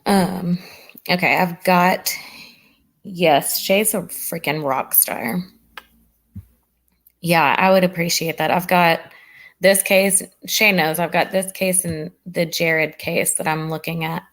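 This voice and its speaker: A woman's voice: on the low side, fairly even intonation, slow pace. A woman hosting a casual true crime livestream, chatting with viewers. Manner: chatty, warm toward chat, says "y'all" often.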